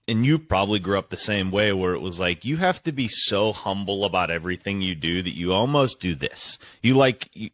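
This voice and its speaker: A man in his thirties with a low voice and a dry, close sound tells a long story in a relaxed, rambling way. He hosts the chat and gets emotional as he goes. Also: no echo.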